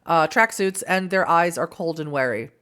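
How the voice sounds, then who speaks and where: A woman reading an interactive text game aloud in an expressive way, breaking off for casual, laughing asides. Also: lowish voice, moderate pace, smooth. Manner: expressive reading, laughs at her own slips.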